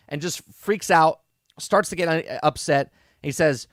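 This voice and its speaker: A man's voice: a little high, expressive, moderate pace, dry recording, studio quality. A man hosting a podcast, giving a casual, rambling review of a TV episode with sarcastic asides. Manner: rambling, checks in with "okay?" and "right?".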